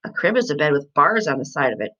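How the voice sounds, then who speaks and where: A woman reads a children's chapter book aloud in an animated, storytelling way. Her pitch rises and falls freely. The recording sounds dull and lo-fi. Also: quick pace. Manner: animated storytelling with light laughs. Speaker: reader.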